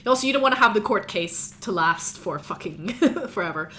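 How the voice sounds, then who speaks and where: A woman's voice: medium pitch, animated, normal speed, sharp tone, slight background noise. Casual woman game master. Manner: casual, rambling, many fillers. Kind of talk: narrating a tabletop game.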